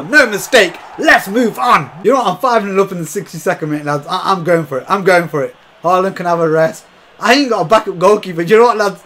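A man giving excitable, chatty commentary over a football video game, often calling to his viewers as lads. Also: high-pitched, fast talker, a little hiss or hum. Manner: chatty, keeps calling viewers lads, bursts into shouts and laughs. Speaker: gaming YouTuber.

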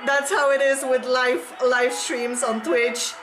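Gushing high-voiced woman reacting. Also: level tone, slow pace, crowd noise. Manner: gushing, squealing, sings along. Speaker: reaction video host. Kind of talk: excited reaction commentary. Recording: music playing loudly behind. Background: pop music playing.

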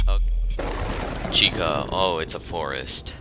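A man commenting nervously on a horror game he plays, jumpy and talking to himself, with sudden loud outbursts. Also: low-pitched, slow pace, pauses often, music in the background. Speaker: gaming YouTuber.

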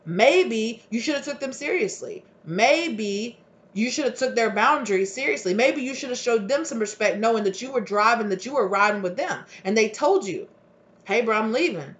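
A woman giving a casual tarot reading, telling a story in an animated way and acting out the voices of the people in it. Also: on the high side, normal speed. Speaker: tarot reader.

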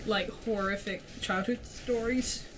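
A woman's voice: medium pitch, fairly even intonation, measured pace, background noise. A young woman telling a rambling story to friends in casual chat, full of "like" and casual swearing. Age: young adult. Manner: rambling, peppered with "like", swears freely.

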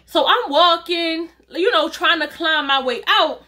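High, bright-voiced woman telling a story. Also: unhurried. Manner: animated, talks straight to viewers, swears casually. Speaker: YouTuber. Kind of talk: storytime vlog.

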